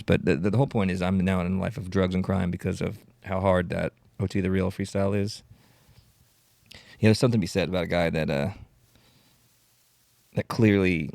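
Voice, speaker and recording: A man's voice: low-pitched, gravelly, darkish tone, no echo. A man hosting his solo podcast, rambling and self-mocking in casual chat, on a podcast microphone. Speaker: podcast host. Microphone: podcast audio equipment.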